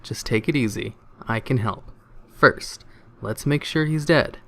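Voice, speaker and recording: Guy doing a chill soothing operator voice, soft and calm. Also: medium pitch, measured pace.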